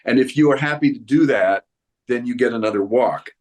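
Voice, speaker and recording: A man in his sixties talks through a press interview in a mid-pitched voice. He rambles and restarts his sentences, and he slips into quoted voices as he tells a story. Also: brisk, a little mellow. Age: 60s. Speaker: actor guest.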